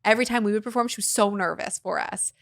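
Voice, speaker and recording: A woman talks in a relaxed interview as a voice teacher and guest. Her delivery is animated and expressive, with easy laughter, and her voice sits at an ordinary middle pitch. The sound is dry and close. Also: quick pace, vocal fry, no room sound. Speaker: guest, voice teacher and arts nonprofit founder. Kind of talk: casual interview conversation.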